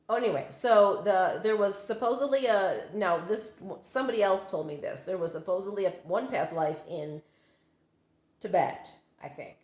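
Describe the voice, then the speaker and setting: In an echoey room, a woman with a medium-pitched, darkish voice records herself on a handheld phone. She's a psychic medium vlogger, wandering through personal stories with lots of fillers and self-corrections.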